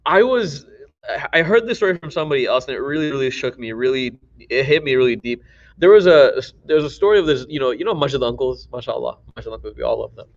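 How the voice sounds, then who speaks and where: A young man giving a casual, animated religious talk to teenagers, often laughing and acting out the people in his stories. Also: medium pitch, quick pace, gravelly. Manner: animated, laughing, acts out quoted voices. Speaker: youth teacher. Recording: dull lo-fi audio.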